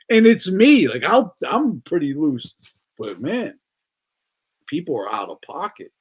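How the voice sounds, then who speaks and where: A man's voice: on the high side, huge pitch swings, slow, breathy edge. A man hosting a casual podcast chat, talking loosely with lots of swearing and frequent laughter. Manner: loose, profane, laughs often. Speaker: podcast host.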